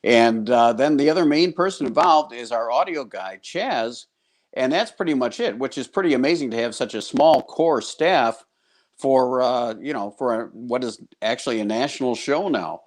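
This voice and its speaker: A man's voice: medium pitch, moderate pace. An older American man from the United States, a guest TV horror host, chatting casually over a video call and laughing easily as he tells stories. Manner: chatty, laughs easily, animated when quoting people. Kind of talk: casual interview chat.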